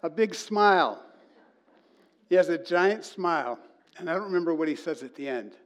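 A man preaching to a congregation, telling a story in an animated way and reading quoted lines in a slow sing-song. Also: on the high side. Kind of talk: sermon.

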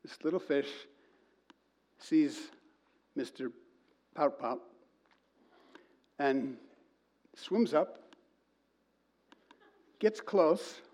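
A man preaching to a congregation, telling a story in an animated way and reading quoted lines in a slow sing-song. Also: a little high. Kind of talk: sermon.

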